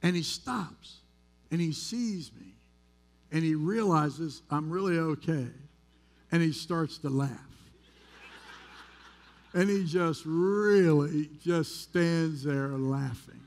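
A man from the United States with a fairly high voice preaches in a church sanctuary. He is a pastor who talks to the congregation in a conversational way. His stories are candid and self-deprecating. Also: slow, long pauses, darkish tone. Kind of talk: sermon.

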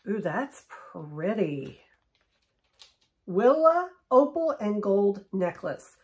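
A woman's voice: medium pitch, big pitch swings, drawn-out words. A middle-aged woman, chatting casually and upbeat as she unboxes and tries on jewelry. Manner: chatty, upbeat, drops to a near whisper for close-ups. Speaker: shopping haul vlogger. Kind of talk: casual chat unboxing and try-on.

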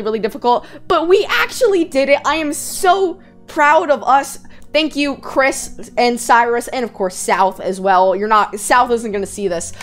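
A woman hosting a let's-play video, talking excitedly and yelping when scared, into a close gaming mic. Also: high-pitched. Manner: excitable, jumps from scared yelps to quick chatter.

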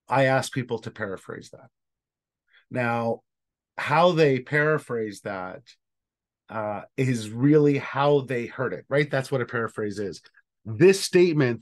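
Male trainer, mid-pitched, casual and discursive, video-call audio. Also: normal speed. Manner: casual, thinking aloud with fillers and restarts. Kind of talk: online training session.

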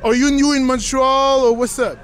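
A man with a strikingly high voice runs a playful street interview outdoors at night. He teases and jokes with the people he stops. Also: steady tone, moderate pace, a bit bright, soft background music. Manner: playful, teasing.

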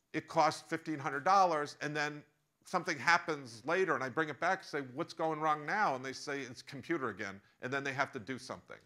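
A man's voice: a little high, sharp tone. A man doing an eager, chatty businesswoman. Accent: American. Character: upbeat woman, former consultant and mother.

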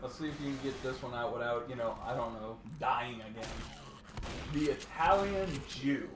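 A man's voice: mid-range voice, normal speed. A man hosting a gaming channel, teasing his co-host and prompting her stories. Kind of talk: casual banter over gameplay. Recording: roomy, distant, noisy room recording.

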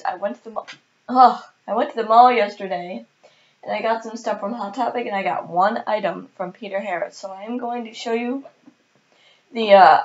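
A woman vlogger chatting casually and excitedly, with the hiccups, filling pauses with lots of ums and sos. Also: medium pitch, dull audio. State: has the hiccups. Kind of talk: casual haul video chat.

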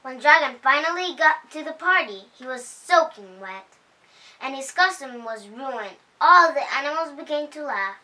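A woman reading a children's picture book aloud, slowly and expressively, voicing the characters as she goes. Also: high voice, recorded from a distance, low-quality recording. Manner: slow, expressive reading with voiced character lines. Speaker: storyteller host.

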